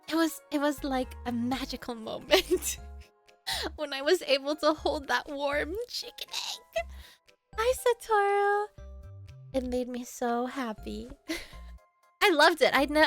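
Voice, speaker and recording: A woman streamer telling a story casually to her chat, animated and laughing often. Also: sits high, slow, faint music behind.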